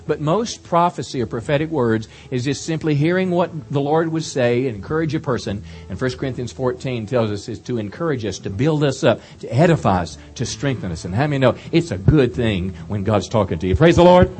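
A man's voice: medium pitch, lively intonation, fairly quick, few pauses, a little mellow. A man preaching as the pastor, earnest, reading scripture verse by verse before introducing a guest. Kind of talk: sermon. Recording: faint music behind.

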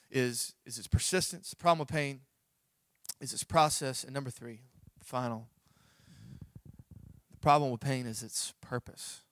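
A man preaching a sermon, telling a personal story in an animated, self-mocking way. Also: medium pitch, smooth, dry recording, clean studio sound. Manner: animated storytelling, acts out his own reactions. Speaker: pastor.

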